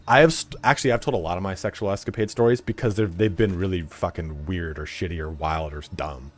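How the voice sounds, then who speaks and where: A low-voiced man talks fast while streaming a video game, chatting casually as he plays. His talk rambles, is frank and profane, and is full of fillers.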